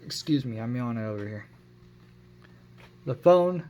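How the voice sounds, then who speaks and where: A man's voice: fairly low pitch, a little fast, creaky, a little mellow, slightly rough. A man giving a casual phone review, rambling and correcting himself as he goes. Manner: rambling, self-correcting, unsure of his numbers. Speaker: tech vlogger.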